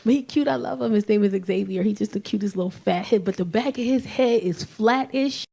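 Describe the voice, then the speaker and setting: A woman in her forties doing profane stand-up comedy, telling animated stories with loud shouted bursts. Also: mid-range voice, fairly quick, creaky. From Belizean and Nigerian heritage. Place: comedy stage with live audience.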